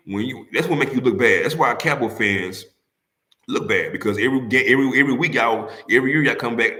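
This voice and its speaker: A man's voice: mid-range voice, sharp tone, roomy sound. A man hosting a casual sports talk livestream, arguing heatedly with rival fans, repeating himself and firing rhetorical questions at the audience.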